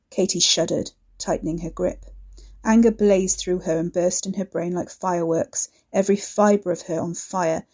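A woman narrating a serialized fiction story in a steady, measured way. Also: on the low side.

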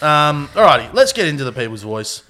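Lively, bright-voiced man. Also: fairly high pitch, brisk. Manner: rambling storyteller, laughs through his own anecdotes. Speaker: podcast host. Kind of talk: casual chat.

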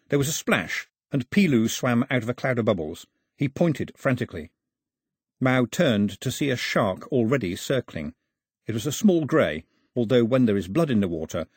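Husky, expressive male audiobook narrator. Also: on the low side, no room sound, clean studio sound. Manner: expressive storytelling.

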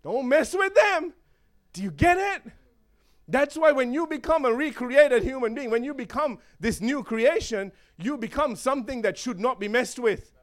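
High-pitched lively preacher man. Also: normal speed. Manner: animated, joking asides with chuckles. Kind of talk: sermon.

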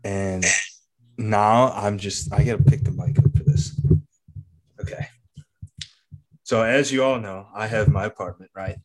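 A man with a somewhat low voice co-hosts a casual podcast. He tells a long, rambling story, peppered with curses and filler words. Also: fairly even intonation, measured pace, long pauses, a little mellow. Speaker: podcast co-host.

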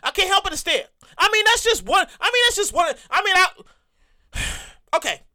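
High-voiced excitable man ranting. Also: normal speed. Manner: excitable, rambling, repeats himself often. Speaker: comedian. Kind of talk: rambling comic monologue.

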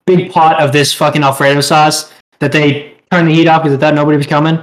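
A man's voice: on the high side, little pitch movement, quick pace, poor audio. A young man co-hosting a podcast, telling a rambling, profane story in casual chat and laughing as he goes. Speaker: podcast co-host.

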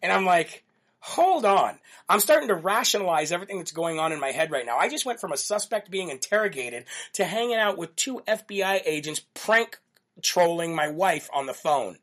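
A man hosting a political talk show, telling a story in an animated way with a lot of repetition for emphasis. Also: high-pitched, brisk. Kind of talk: live-streamed monologue.

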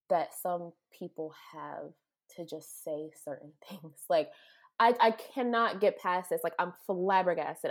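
A woman co-hosting a casual sports talk show, speaking with animated, dramatic emphasis. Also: on the low side. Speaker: co-host.

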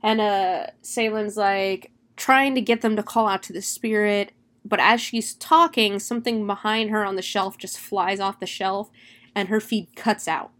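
A woman's voice: medium pitch, unhurried. Chatty young woman recapping a film. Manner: chatty, animated, swears freely. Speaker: movie reviewer.

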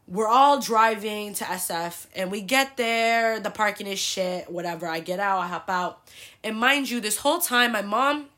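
This podcast host, a young woman from the San Francisco Bay Area, rambles through a casual story full of swearing and endless "like"s. She speaks at normal speed in a medium-pitched voice that is bright and forceful.

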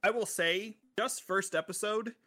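A man's voice: high voice, unhurried, bright, forceful tone. A man co-hosting a casual podcast chat, easygoing and joking. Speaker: podcast co-host.

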